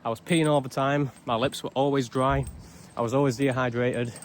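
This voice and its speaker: A young man rants straight to camera in a casual vlog, blunt and sarcastic, swearing often. His voice sits at an ordinary middle pitch. Faint traffic and street noise hum in the background. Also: steady tone, a little fast. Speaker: vlogger.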